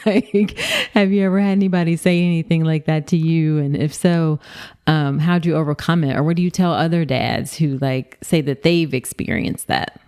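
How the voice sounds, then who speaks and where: A woman with a notably low voice hosts a casual podcast interview. She agrees eagerly with her guest and moves the talk along with follow-up questions. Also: fairly even intonation, moderate pace, dark tone, clean tone. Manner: affirming, eager agreement, asks follow-ups. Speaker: podcast host, doctor.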